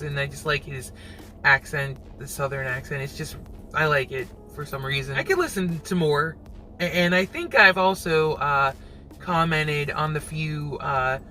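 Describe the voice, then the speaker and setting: A man hosting his own reaction channel, musing aloud in casual commentary and quick to laugh. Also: on the high side, sharp tone, rough recording.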